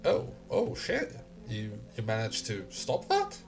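A man voicing a male dig company employer on a call, halting and full of fillers. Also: mid-range voice, huge pitch swings, gravelly, soft background music, exaggerated voice. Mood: businesslike. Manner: hesitant, halting with many fillers.

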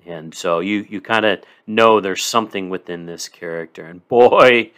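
A man's voice: deep voice, fairly even intonation, moderate pace, pushed and bright, clear, resonant tone. A man from Illinois hosting a casual solo podcast, reviewing a movie in an enthusiastic, rambling way.

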